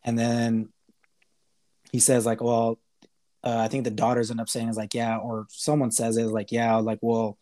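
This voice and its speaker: A man on a podcast, casually retelling a TV episode in a rambling way, with lots of fillers and quick acted-out quotes. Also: medium pitch, monotone, mellow. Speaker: podcast host. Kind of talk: casual chat recapping a TV episode.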